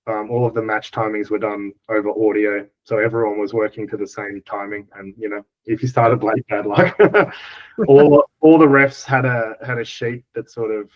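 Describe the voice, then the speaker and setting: A man's voice: on the low side, fairly even intonation, moderate pace. Laid-back Australian man, dull lo-fi sound. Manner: laid-back, chuckling storyteller with many fillers. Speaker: podcast guest. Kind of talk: casual chat.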